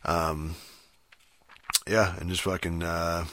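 A man's voice: sits low, level tone, takes it slowly, fairly bright tone, no room sound. A man ranting casually about gaming, profane and rambling, full of fillers and restarts. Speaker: gaming commentator. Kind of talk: casual rant.

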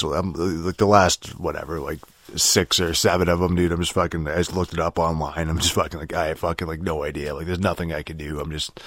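Young male streamer, very low voice, dry close sound, frustrated rambling rant full of swearing. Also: no room sound. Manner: frustrated, rambling, swears a lot, many fillers and restarts. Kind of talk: casual rant about a video game.

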